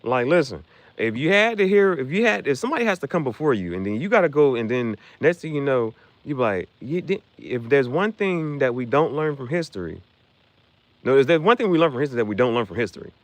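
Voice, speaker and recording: Animated rambling man on a livestream. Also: medium pitch, quick pace, no room sound. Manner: rambling, slangy, jumps between topics. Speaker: streamer designing merch shirts. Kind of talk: casual livestream chat.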